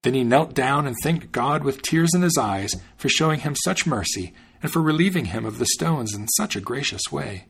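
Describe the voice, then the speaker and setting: Male podcast host narrating folk tales; gravelly, husky voice with plenty of pitch movement. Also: expressive, moderate pace, few pauses. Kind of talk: storybook narration.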